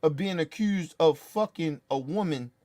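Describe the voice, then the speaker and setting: A man's voice: on the high side, measured pace, a little mellow. A man ranting in profane, heated commentary, blunt and repetitive. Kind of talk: profane political rant.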